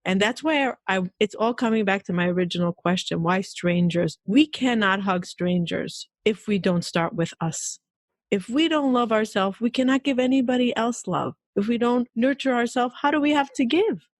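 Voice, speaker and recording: A woman's voice: on the high side, moderate pace, no echo. A woman in her forties hosting a podcast interview, telling personal stories candidly and animatedly, often laughing. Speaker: podcast host. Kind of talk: casual conversational interview.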